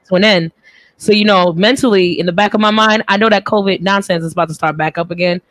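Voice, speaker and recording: A podcast host chatting casually, chiming in with quick, teasing remarks. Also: medium pitch, fairly even intonation, a bit bright, dry recording. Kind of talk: casual chat.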